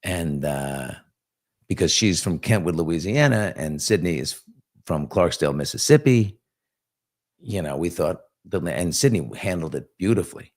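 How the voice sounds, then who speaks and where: A man's voice: low-pitched, expressive, unhurried, darkish tone. A man hosting a casual live morning chat, reading out viewer comments and rambling through stories with many fillers and restarts. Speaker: talk show host.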